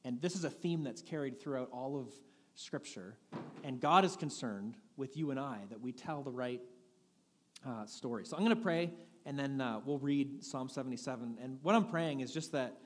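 Conversational male pastor in an echoey hall. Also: medium pitch. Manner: conversational, candid preaching with frequent restarts. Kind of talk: sermon. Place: church sanctuary.

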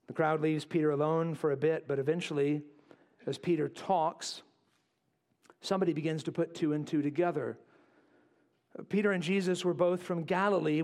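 A male pastor preaching a sermon, acting out quotes and dropping to quiet asides. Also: on the high side. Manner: animated, acts out voices in quotes, drops to quiet asides.

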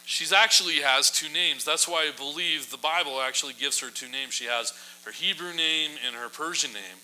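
A man preaching a sermon in a casual, humorous storytelling style, often adding quick asides to his listeners. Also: a little high, sharp tone, slight background noise, poor audio. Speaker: pastor.

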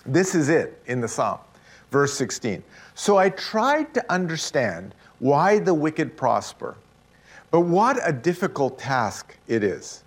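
A middle-aged man preaching a sermon, expressive and acting out the voices he quotes. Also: on the high side, slow pace. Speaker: pastor.

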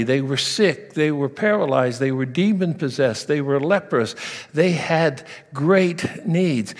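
A man's voice: fairly high pitch, long reverb tail. A man preaching a sermon, telling stories and asking his listeners direct questions.

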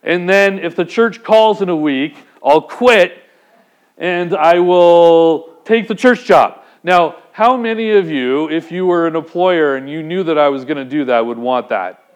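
A pastor with a slightly high voice preaches at a measured pace. His sermon is conversational, and he puts direct questions to the congregation.

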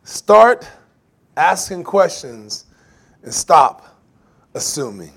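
A man preaching a sermon, animated, laughing often and acting out quoted voices. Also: on the high side, takes it slowly, vocal fry, long pauses. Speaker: pastor.

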